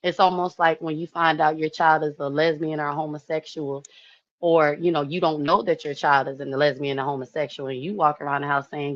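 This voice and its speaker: A woman in her early thirties telling a personal story to her viewers in a chatty, animated way, often saying "you know". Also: sits low, brisk, dull audio. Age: 30s. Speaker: vlogger.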